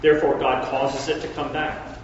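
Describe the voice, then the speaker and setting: A man's voice: medium pitch, flat delivery, moderate pace, slight background noise. A man preaching a sermon, retelling a story in a conversational way with joking asides. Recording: echoey hall, far from mic, dull.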